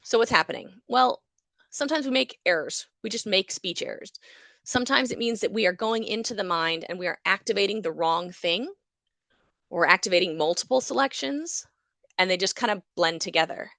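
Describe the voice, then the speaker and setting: A woman whose first language is English lectures on psychology at a university, her medium-pitched voice gravelly and creaky. She talks briskly and explains with energy, acting out small examples along the way. The recording is close and dry, with no sense of the room.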